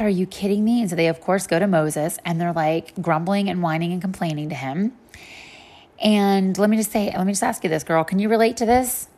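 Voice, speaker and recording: A woman teaching a casual Bible study, chatty and lively, acting out quick voices for the people in the story. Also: lowish voice.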